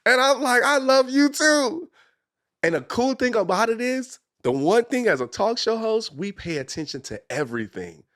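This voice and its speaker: A man, a talk show host guesting on a podcast, telling a story with excitement, acting out quotes and swinging from whispers to shouts. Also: sits high. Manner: speaks some Spanish and English. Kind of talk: animated storytelling in casual chat.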